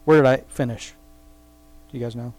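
A man reading scripture aloud slowly and then commenting on it in a loose, rambling, conversational way, laughing now and then at his own remarks. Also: mid-range voice, fairly even intonation, darkish tone. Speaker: Bible study teacher. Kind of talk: casual Bible reading and commentary.

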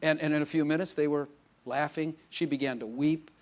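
A man's voice: fairly high pitch, fairly even intonation, a little fast. A male pastor preaching a casual, conversational sermon, telling stories with quoted dialogue and laughing often.

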